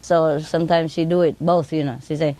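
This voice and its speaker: A woman telling casual stories in simple, broken English, laughing often and mimicking her birds in high sing-song tones. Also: steady tone, brisk, warm tone, dry recording. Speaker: speaker telling stories about her pets. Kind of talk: casual storytelling.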